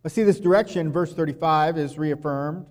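Conversational pastor in a reverberant hall. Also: male voice, a little high, moderate pace. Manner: conversational, drops to quiet asides and acts out quotes. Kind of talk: sermon.

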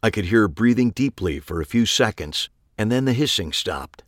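A man narrating a first-person audiobook in a wry, deadpan manner. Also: fairly low pitch, normal speed, dry recording, studio quality.

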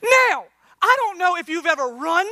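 A man preaches with a high, bright voice and tells a funny story in an animated way. The sound is dry and close, and his voice is sharp and tense. He acts out gasping for breath between lines. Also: normal speed, no room sound. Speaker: pastor. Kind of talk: sermon with comic story.

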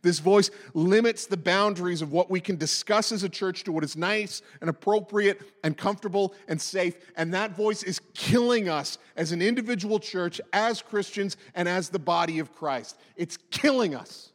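A man's voice: sits high, moderate pace, few pauses, big-room sound. A man in his forties preaching a sermon, impassioned and emphatic, hammering repeated phrases. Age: 40s. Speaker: pastor.

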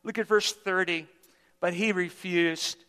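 Male pastor, high bright voice, emphatic sermon delivery, recorded in a reverberant church hall. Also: steady tone, measured pace, clear, resonant tone. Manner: emphatic preaching with repetitions. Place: church sanctuary.

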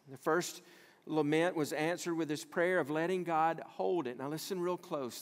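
A man's voice: mid-range voice, in a large hall. A man preaching a sermon in a conversational way, reading scripture aloud and acting out small everyday scenes. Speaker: pastor.

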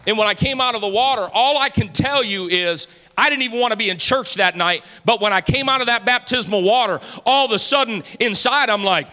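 A man's voice: sits high, animated, moderate pace, pushed and bright, long reverb tail. A man in his fifties preaching a sermon as pastor, telling stories conversationally and acting out dialogue with repeated words.

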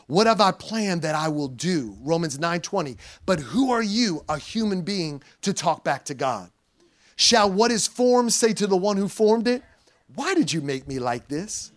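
A man preaching a sermon as pastor, animated and conversational, mixing scripture reading with playful slang asides. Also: a little high, moderate pace.

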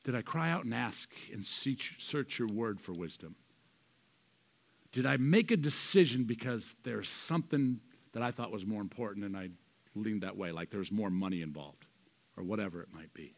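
A man preaching as pastor of a church, swinging from loud emphatic lines to soft quiet asides. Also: lowish voice, lively intonation, moderate pace. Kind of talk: sermon.

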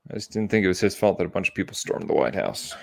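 A man's voice: low voice, lively intonation, fast, creaky. A young man co-hosting a podcast in casual, joking chat, full of "dude" and "bro". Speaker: podcast co-host.

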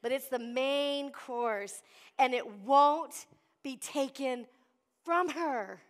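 Woman pastor preaching, high voice, lots of "amen?" and call-outs to the crowd. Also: very slow. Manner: preachy call-and-response, acts out Bible voices. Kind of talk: sermon.

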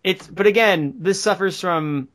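Giggly man with a slightly high voice. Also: unhurried, a bit bright. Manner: laughs often, rambling restarts. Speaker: podcast host. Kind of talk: casual group chat.

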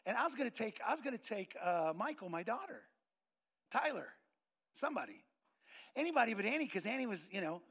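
A middle-aged man, a pastor, preaching a sermon in a lively anecdotal way and acting out the voices of people in his stories. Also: sits high, fairly quick, long pauses, breathy edge. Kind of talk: storytelling sermon.

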